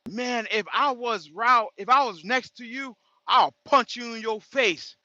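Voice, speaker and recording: A man acts out a livid internet commenter who makes threats in a raised, bright voice. The lines come slightly drawn out over a dull, dry recording. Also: extremely high pitch, a little slow, no room sound, pitched above the performer's own voice, heavily acted. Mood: threatening. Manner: heated, threatening. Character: furious male online commenter, threatening.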